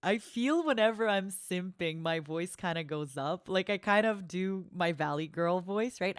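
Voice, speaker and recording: A woman's voice: on the low side, measured pace, hardly any pauses, smooth, dry recording, clean studio sound. A woman streamer chatting casually and gushing playfully as she reacts on a watchalong. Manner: gushing, playful, laughs often.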